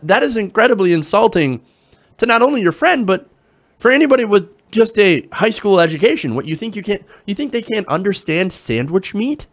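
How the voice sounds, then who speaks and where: A man talks through political commentary in a sarcastic, profane way, often stopping to laugh at what he reads. His voice sits a little high for a man and swings widely in pitch. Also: fairly bright tone. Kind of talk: reading and mocking an op-ed, casual commentary.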